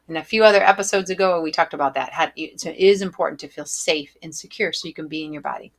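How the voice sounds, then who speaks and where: A woman hosts her own coaching podcast, speaking gently and encouragingly and sometimes guiding the listener through slow breaths. Her voice sits a little low, yet its tone is bright and forceful. She talks loosely, with plenty of "um"s and restarts. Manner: gentle, encouraging, with many fillers and soft guided breathing. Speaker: podcast host and spiritual coach. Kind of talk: solo podcast coaching talk.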